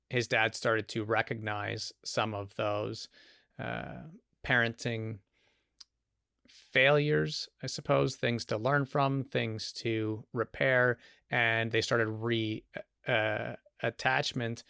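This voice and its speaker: A man's voice: mid-range voice, creaky, bright, forceful tone, dry recording, clean studio sound. A man hosting a podcast, asking his guest questions and reflecting aloud in a casual, thoughtful way. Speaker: podcast host. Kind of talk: casual interview talk.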